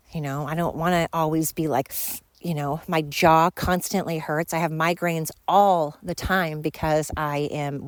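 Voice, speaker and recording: A middle-aged podcast host with a low voice delivers a casual monologue, rambling, candid and profane, as she walks outdoors with her dogs. There's no room sound on the recording.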